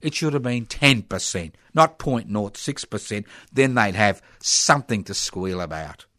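Ranting sarcastic Australian radio host. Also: male voice, fairly low pitch, lively intonation, measured pace, sharp tone, dry recording, clean studio sound. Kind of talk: opinionated talk radio monologue.

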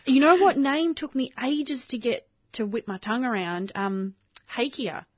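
Woman, fairly high, husky, dry close recording, lively co-host. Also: moderate pace, no echo, highs cut off. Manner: lively, laughs often. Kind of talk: casual chat.

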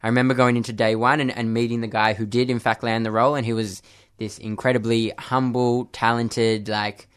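A man's voice: mid-range voice, little pitch movement, fairly quick, few pauses, clear, resonant tone. A young man, a dancer and actor, chatting casually in an interview, with many fillers and friendly laughs.

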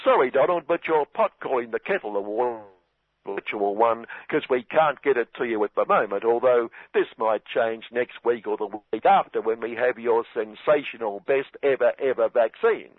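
A man's voice: mid-range voice, lively intonation, moderate pace, no echo. Man, dry satirical radio commentator, ironic delivery, narrow phone-like sound. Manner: sardonic, mock-earnest irony.

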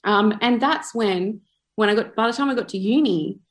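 A woman's voice: mid-range voice, moderate pace. A woman in her thirties from Perth with an Australian accent. She tells her own story in a chatty, reflective way and often says "like". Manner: chatty, with many filler "like"s. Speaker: photographer and activist.

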